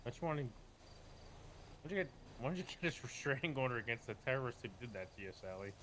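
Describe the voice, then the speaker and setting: A man's voice: mid-range voice, animated, fairly bright tone, a little hiss or hum, rough recording. Teasing, swearing man in roleplay. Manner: teasing, swearing, rapid questions. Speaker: roleplay player. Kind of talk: in-character roleplay banter.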